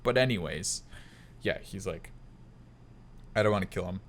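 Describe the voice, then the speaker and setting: A young man co-hosts a loose film review chat, rambling through scenes and laughing as he goes. His voice sits a little low, with a faint room ambience behind him. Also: slight background noise. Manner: rambling, laughs often, quick quoted impressions of film lines. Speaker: podcast co-host.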